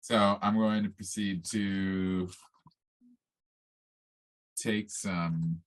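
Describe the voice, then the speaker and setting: A man playing a tabletop game, describing his character's actions. His voice is very deep and his delivery casual. He talks in a relaxed, offhand way. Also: very slow. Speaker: player.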